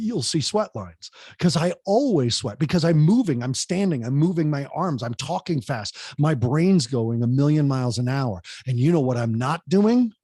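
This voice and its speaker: Fast-talking husky-voiced man giving speaking tips. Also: a little high, no room sound, clean studio sound. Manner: talks fast and keeps the pace up; animated, speaks directly to the host by name. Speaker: podcast guest, public speaking coach. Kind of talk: energetic advice on public speaking.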